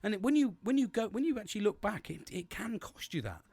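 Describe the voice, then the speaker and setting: A man's voice: high-pitched, animated, fast talker, a little mellow, breathy edge, no room sound. Sweary, rambling man. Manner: rambling and sweary, with many restarts. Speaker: podcast host. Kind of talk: casual solo monologue.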